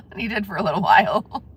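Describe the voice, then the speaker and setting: A woman's voice: medium pitch, pushed and bright. A woman live-streaming from her car, chatting casually with viewers and laughing often. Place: in a parked car.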